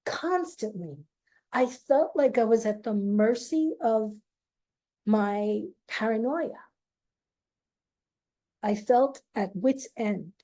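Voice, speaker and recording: Slow, mellow-voiced woman telling her story. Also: a little high. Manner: slow, halting, with long pauses and emphasis. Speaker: speaker sharing a personal story. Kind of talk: emotional personal storytelling.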